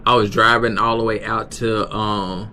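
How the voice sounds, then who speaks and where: A man's voice: on the low side, level tone, moderate pace, sharp tone, slight background noise. A young man streaming live, telling a story in a rambling way with lots of restarts. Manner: rambling, many restarts and fillers. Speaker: livestreamer. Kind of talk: casual storytelling.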